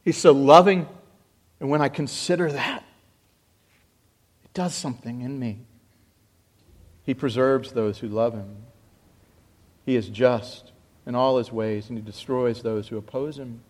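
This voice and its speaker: A man preaching a sermon as a pastor, swinging between loud exclamation and hushed reflection. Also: medium pitch, a little slow, long pauses.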